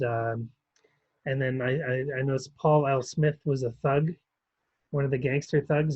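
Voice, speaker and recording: A man's voice: medium pitch, darkish tone, no echo, muffled recording. A man co-hosting a film review podcast, talking casually with many ums and restarts. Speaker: podcast co-host reviewing films. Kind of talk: casual chat.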